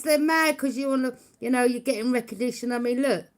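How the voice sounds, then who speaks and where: In a high voice, a woman reads tarot live, talking fairly quickly with few pauses. She mocks invisible foes, laughing derisively at them, and repeatedly asks "yeah?" to check in.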